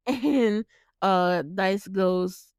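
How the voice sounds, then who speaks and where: A woman chatting through a movie recap in a smooth, clear voice. She is casual and quick to laugh, and she swears freely. The sound is dry and close, with no room around it. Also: mid-range voice, darkish tone, dry recording. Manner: chatty, laughs often, acts out the characters' lines. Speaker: podcast host recapping a movie. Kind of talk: casual chat.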